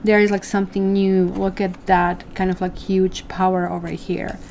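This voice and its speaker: Her voice is medium-pitched, level, gravelly, and darkish in tone, moving at normal speed against slight background noise. A woman doing a live tarot reading, she's chatty, full of fillers and asides, and addresses viewers as "guys."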